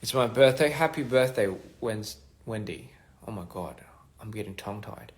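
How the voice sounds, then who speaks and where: A man's voice: lowish voice, lively intonation, normal speed. A man chatting casually on a phone livestream, reading fan comments and rambling as he trails off between thoughts. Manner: rambling, trails off, soft-spoken asides.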